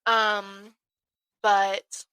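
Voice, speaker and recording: A woman's voice: mid-range voice, flat delivery, drawn-out words, bright, forceful tone, smooth, no echo. A young woman from Arkansas, a podcast guest, chatting in an easygoing way with many ums. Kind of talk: casual chat.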